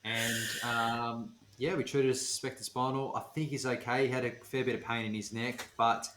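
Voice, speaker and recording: A man's voice: medium pitch, flat delivery, moderate pace, a bit bright, slight background noise. A man co-hosting a podcast, telling work stories in a plain, matter-of-fact way and cracking dad jokes. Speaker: podcast co-host. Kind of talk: casual chat. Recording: roomy echo.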